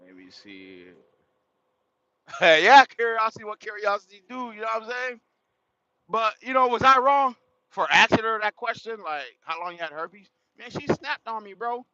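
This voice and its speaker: Animated slangy man, bright lo-fi voice. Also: high voice, moderate pace, no echo. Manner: animated, slangy, laughs and exclaims often. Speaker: livestream host. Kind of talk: casual storytelling to a livestream chat. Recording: dull lo-fi sound.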